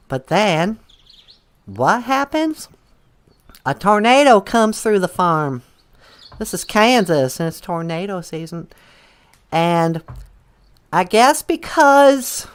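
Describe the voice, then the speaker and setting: A woman's voice: medium pitch, clean tone. A woman telling a story in a playful, rambling way, with hesitant restarts. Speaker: guest storyteller. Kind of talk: casual storytelling.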